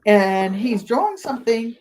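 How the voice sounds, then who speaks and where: An older woman, a guest on a casual livestream, tells family stories with energy and slips into high voices for the people in them. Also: unhurried. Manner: animated storyteller, voices the people in her stories. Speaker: guest storyteller. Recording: roomy echo.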